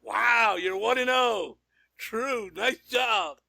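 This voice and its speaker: A man's voice: very high-pitched, slow pace, creaky, sharp tone, dry recording, clean studio sound. A man hosting a casual interview, upbeat, laughing often and restarting his sentences. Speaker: podcast host.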